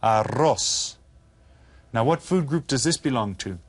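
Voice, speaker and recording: A man teaching Spanish vocabulary to children, pronouncing each word slowly and drawn out, then asking the class to repeat it with friendly encouragement. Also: medium pitch, lively intonation, a little mellow, slight background noise. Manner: slow, drawn-out pronunciation of vocabulary words.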